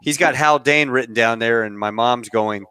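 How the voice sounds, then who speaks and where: A man's voice: mid-range voice, normal speed, clean tone, no echo. Man, host, laughs a lot, dry close sound, home mic. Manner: laughs often, relaxed and rambling. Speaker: show host. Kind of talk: casual video call chat. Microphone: home computer mic on a video call.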